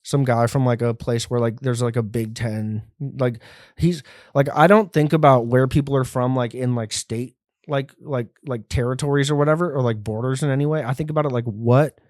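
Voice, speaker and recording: A young man hosting a podcast, ranting in a profane, rambling and animated way. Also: mid-range voice, moderate pace, no echo, clean studio sound. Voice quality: sounds like a white guy, by his own account. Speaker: podcast host. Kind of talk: casual rant.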